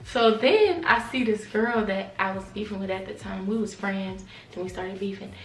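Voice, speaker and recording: A woman casually telling a party story to camera, animated, slangy and profane, acting out the quotes. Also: medium pitch, normal speed, slight background noise. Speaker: storytime vlogger. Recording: echoey room, mic at a distance.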